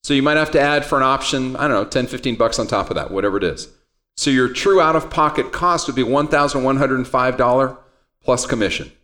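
A man's voice: mid-range voice, fast, a bit bright. A man teaching an options trading class, talking conversationally, quizzing the students and telling everyday stories. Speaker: trading instructor. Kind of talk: classroom lecture.

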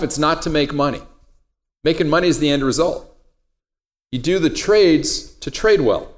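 A middle-aged man teaching a trading class in a conversational, digressive way, wandering into personal stories. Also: mid-range voice. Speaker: trading instructor. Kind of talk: classroom lecture.

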